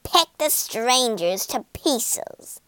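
A woman voicing a wicked one-eyed witch who speaks slowly and menacingly in a storybook. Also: fairly high pitch, very animated, smooth, no room sound, exaggerated voice. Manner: slow, screeching, menacing.

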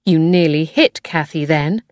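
A woman voicing a sharp, reproachful young woman in an audiobook. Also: low voice, measured pace, no echo, clean studio sound. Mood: angry. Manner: clipped, reproachful.

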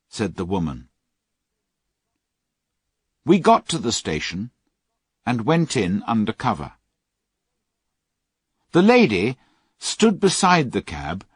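A man reading a children's storybook aloud in measured narration. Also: mid-range voice, husky, dry recording, studio quality.

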